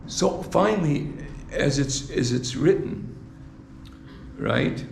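A man's voice: on the high side, expressive, slow pace, vocal fry, slight background noise. A man preaching a sermon, who often repeats words and asks his listeners rhetorical questions, in a church. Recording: echoey hall with faint ambience.

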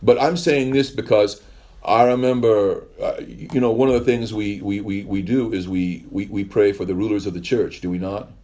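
A man with a low, somewhat husky voice delivers a conversational sermon. He wanders through stories and drops wry asides as he goes. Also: fairly even intonation, normal speed, a little mellow. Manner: rambling, storytelling with wry asides. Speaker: pastor.

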